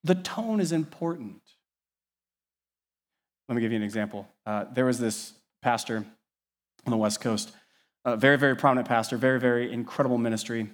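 A man preaching a sermon as pastor, animated and conversational, swinging between soft asides and loud emphasis. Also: mid-range voice, fairly quick, pauses often. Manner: animated, varies loudness widely, conversational asides.

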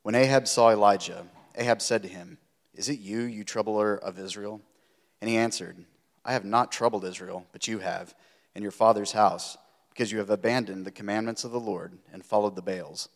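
A man with a fairly low voice reads scripture aloud in a church sanctuary. He reads expressively, lifting his voice for the quoted lines. The sound carries a long, hall-like reverb. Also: steady tone, normal speed. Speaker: scripture reader.

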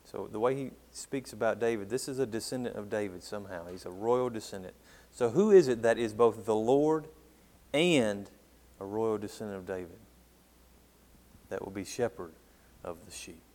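A man preaching a sermon in a fairly low voice. He reads scripture with emphatic swells on key words and sinks low at the ends of phrases. He puts questions to his listeners as he goes. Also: animated, moderate pace, a little mellow. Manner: asks the congregation questions. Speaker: pastor.

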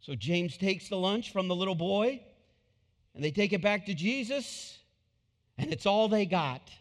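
A man gives a sermon with an animated, storytelling delivery and repeats his key phrases. His voice sits a little high and moves up and down a great deal. The room around him rings with a long reverb, like a large hall. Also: measured pace. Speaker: pastor.

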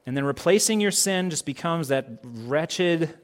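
A man's voice: fairly high pitch, expressive, a little slow. A man preaching a sermon as a pastor in a casual, conversational way, asking many rhetorical questions and acting out bits of dialogue. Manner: conversational, acts out quoted dialogue.

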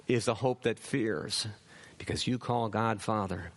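A man's voice: fairly low pitch, a little slow. A man preaching a sermon in an earnest way, often repeating words as he builds a point.

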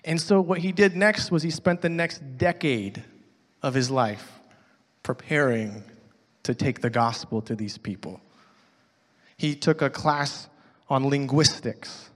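A man preaching a sermon in a hall with a long, lingering reverb. He reads scripture aloud and comments on it, going from loud, emphatic lines to soft, almost whispered ones. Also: on the high side. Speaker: pastor.

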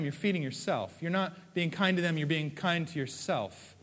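A man's voice: fairly high pitch, normal speed, a bit bright, big-room sound. A man preaching a sermon in a conversational way, with playful acted asides. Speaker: pastor.

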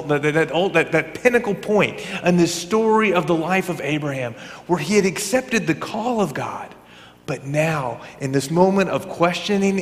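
A man preaching a sermon as a pastor, talking conversationally and swinging between loud emphatic bursts and quiet, almost whispered lines. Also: a little high. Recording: long hall reverb.

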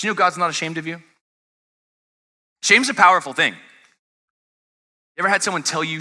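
Man, pastor, sermon, thirties, very bright and forceful tone, animated, loud peaks and soft lows. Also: normal speed, long pauses. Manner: animated, conversational, asks the congregation questions; swings from loud emphatic highs to soft low passages.

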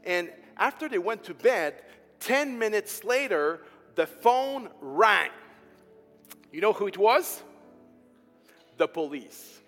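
Preacher man, bright voice, lively pitch, long hall reverb, faint music behind. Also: slow, pauses often. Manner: animated, emphatic, swings loud and soft. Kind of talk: storytelling sermon.

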